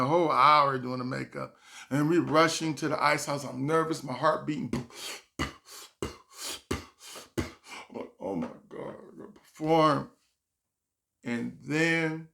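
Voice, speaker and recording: Brief: comedian man, bright voice, rambling storytelling with restarts. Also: medium pitch, vocal fry. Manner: rambling, with restarts and self-corrections. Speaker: stand-up comedian. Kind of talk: casual storytime vlog.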